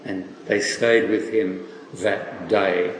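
A man preaching a sermon, slow and reflective, asking his listeners questions. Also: sits low, steady tone, a little hiss or hum. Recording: echoey hall with faint ambience.

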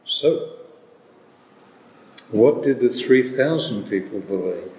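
Male preacher, unhurried, deliberate, in a reverberant church hall with long echo. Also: medium pitch, animated, gravelly, a little mellow. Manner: slow, deliberate delivery with rhetorical questions. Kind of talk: sermon.

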